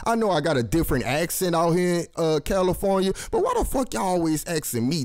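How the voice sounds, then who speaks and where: A man's voice: high voice, expressive, fast talker, few pauses, a little mellow. A man hosting his own commentary show, ranting angrily in a preachy, profane style with constant swearing.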